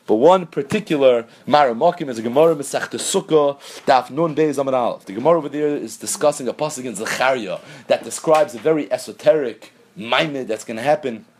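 A man giving an animated Talmudic lecture as a Torah teacher, posing questions and answering them himself. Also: mid-range voice. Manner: animated, rapid, asks and answers his own questions.

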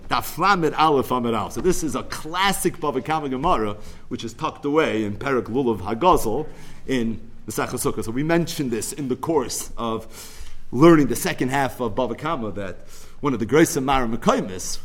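A man teaching a Talmud lecture, telling its story in an animated way. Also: medium pitch.

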